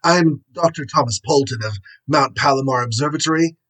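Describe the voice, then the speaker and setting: An earnest scientist who reports grave news slowly and solemnly, as a man puts him on. The voice sits a little higher and stays husky. He sounds like a shaken storybook expert. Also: fairly bright tone, rough recording. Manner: measured, solemn. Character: earnest male astronomer on the phone.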